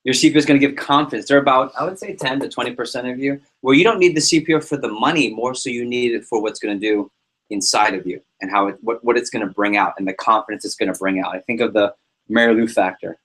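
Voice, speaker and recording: A man leading a sales team meeting, giving an energetic motivational talk full of anecdotes and repetition. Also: mid-range voice, fast, husky. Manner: energetic, repeats himself, tells anecdotes. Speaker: team leader running a sales prep meeting.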